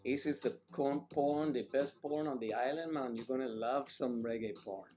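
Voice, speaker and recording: A man putting on the voice of a laid-back male island reggae guy, drawling slowly and tagging his lines with "man", with loud music playing behind. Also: medium pitch, lightly acted.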